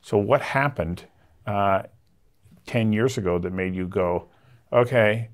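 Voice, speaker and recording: A man with a fairly low voice hosts the interview. He asks reflective, probing questions in a calm way. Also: takes it slowly. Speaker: interviewer, host.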